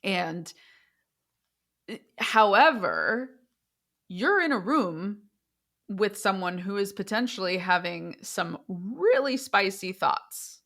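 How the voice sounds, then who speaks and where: A woman in her thirties, a therapist and podcast co-host, chatting casually and animated when she tells a story. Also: medium pitch, slow.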